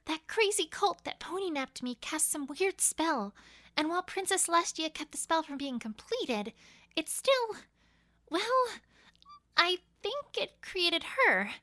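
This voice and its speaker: An earnest young unicorn mare, voiced by a woman, very high-pitched and lively, with a dry, close sound. She rambles nervously in a fan audio drama. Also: measured pace, no room sound, heavily acted. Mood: anxious.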